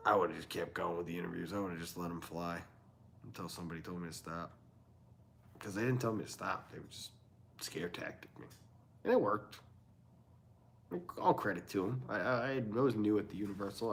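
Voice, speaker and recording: A man's voice: low voice, a little hiss or hum. Rambling, chuckling male livestream host. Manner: rambling, laughs often, acts out conversations. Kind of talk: casual livestream chat.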